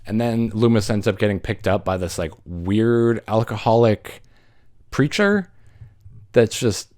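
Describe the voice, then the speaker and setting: A man hosting a casual movie recap who laughs, swears, and acts out the characters in quick voices. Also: fairly low pitch, expressive, a little mellow. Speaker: movie reviewer host.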